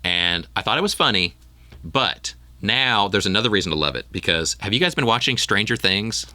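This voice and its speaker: A man's voice: lowish voice, lively intonation, normal speed, bright, forceful tone, dry recording. A man hosting a podcast in casual chat, rambling with frequent ums and restarts. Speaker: podcast host.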